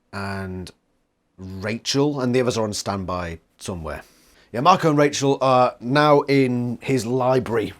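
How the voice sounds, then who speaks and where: Sarcastic man reviewing a book. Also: mid-range voice. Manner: swearing, sarcastic, animated. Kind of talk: casual video review.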